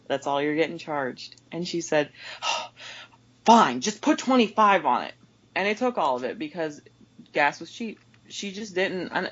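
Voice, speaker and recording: A woman, an overnight gas station clerk, telling a rambling, exasperated story about a customer as a podcast guest. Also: dull audio. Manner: exasperated, rambling with many restarts; raises pitch sharply when mimicking customers. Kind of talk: casual storytelling rant.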